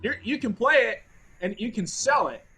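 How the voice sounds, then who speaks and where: A man teaching a group bass class over a video call, thoughtful and often restarting phrases while he searches for words. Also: lively intonation, moderate pace, pushed and bright, faint music behind, poor audio.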